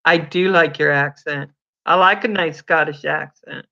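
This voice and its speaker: A woman's voice: deep voice, unhurried, gravelly, pushed and bright, highs cut off. Chatty woman greeting livestream viewers. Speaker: livestream host. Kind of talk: casual livestream chat.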